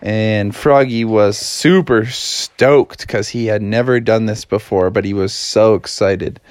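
A man's voice: lowish voice, steady tone, slow pace, no room sound. A man narrating a read-along children's story in a casual, playful way.

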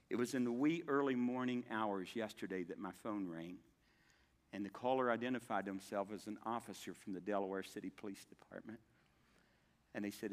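An older man preaching a sermon as pastor, telling stories in a folksy way with dramatic pauses. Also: fairly low pitch, in a large hall. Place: church sanctuary.

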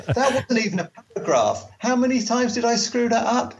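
A man chatting casually as a podcast co-host, animated and quick to laugh. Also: very high-pitched, creaky, lo-fi sound. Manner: chatty, animated, laughs easily, slows down for a careful read-aloud. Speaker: podcast co-host and travel author.

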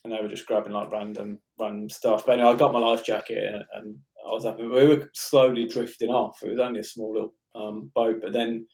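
A man's voice: on the low side, little pitch movement, a little fast, hardly any pauses, darkish tone. A man, co-hosting a podcast and telling a story in casual chat, hesitant with many restarts. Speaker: podcast co-host.

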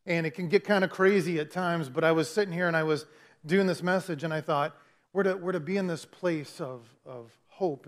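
A man preaching a conversational sermon in a church, often restarting his phrases. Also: a little high. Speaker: pastor.

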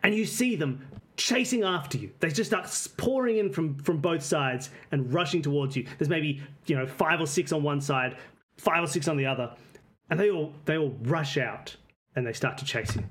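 Male game master with a rambling, halting narration style. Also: a little high, fairly bright tone.

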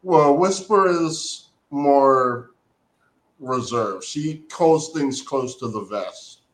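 A man's voice: mid-range voice, extremely slow. A man co-hosting a casual comic book chat, patiently explaining the story with fillers. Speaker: co-host. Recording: roomy echo.

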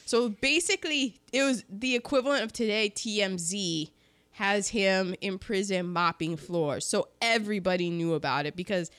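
A woman co-hosting a casual film podcast, chatting through cast trivia with quick asides. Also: medium pitch, fairly bright tone, dry recording. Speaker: podcast co-host presenting film facts. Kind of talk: casual chat about an old film.

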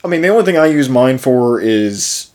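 Laid back guy on a podcast explaining stuff, middle pitch. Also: lively intonation, normal speed, a little mellow. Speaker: podcast co-host. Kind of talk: casual chat.

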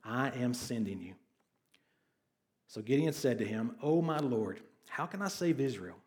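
A man's voice: medium pitch, animated, a little slow, a little mellow. A male pastor preaching a conversational sermon who reads scripture and keeps asking his congregation questions. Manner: conversational, asks the congregation questions, sarcastic asides.

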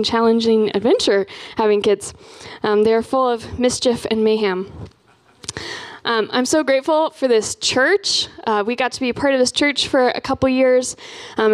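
Brief: young woman, campus missionary, chatty church talk, pitched a bit high, lots of ums. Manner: chatty, frequent "um" and "like" fillers.

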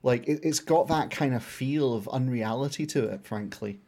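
A man's voice: medium pitch, moderate pace, warm tone. Stammering, sweary man. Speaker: podcast co-host. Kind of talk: casual political chat.

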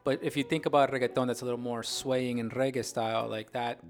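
A man co-hosting a casual podcast chat, animated, acting out rhythms with vocal sounds, with faint music behind. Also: mid-range voice, fast. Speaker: podcast co-host. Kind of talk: casual chat about dancing.

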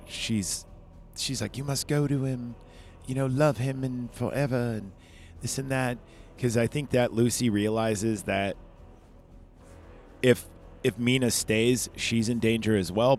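A man's voice: lowish voice, slight background noise. A man hosting a podcast, recapping a film in a rambling, chatty way full of fillers and asides. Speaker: podcast host reviewing a film. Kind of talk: casual chat. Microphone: podcast microphone.

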